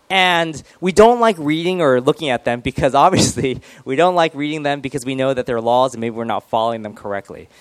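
A man's voice: a little high, lively intonation, fast, few pauses, no room sound. A male pastor giving a casual, joking sermon and quizzing his congregation.

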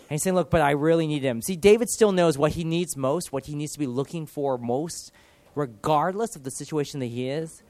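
Male pastor, 30s, earnest and animated, slightly high voice, dry close recording. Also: brisk, dry recording. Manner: earnest, animated, with dramatic shifts in loudness. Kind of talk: sermon.

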